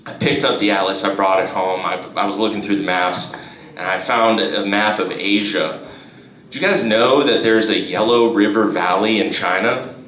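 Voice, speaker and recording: A young male comedian performing a live stand-up set in a comedy club, halting with restarts and fillers. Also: fairly low pitch, steady tone, a bit bright. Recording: roomy live club recording with crowd. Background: audience laughter.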